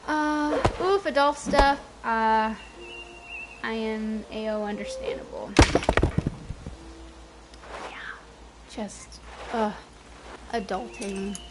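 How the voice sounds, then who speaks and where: A woman's voice: on the high side, very slow, long pauses. Chatty young woman streamer. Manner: chatty, rambling, talks to chat. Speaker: game streamer. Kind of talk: casual chat while playing. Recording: noisy stream audio.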